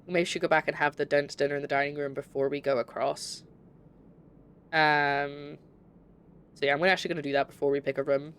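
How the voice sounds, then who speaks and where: A woman's voice: low voice, fairly even intonation, a little fast, pauses often, a bit bright, clear, resonant tone. Chatty Scottish woman streamer. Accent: light Scottish. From Scotland. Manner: chatty, rambling, reads chat aloud. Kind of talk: casual gameplay commentary.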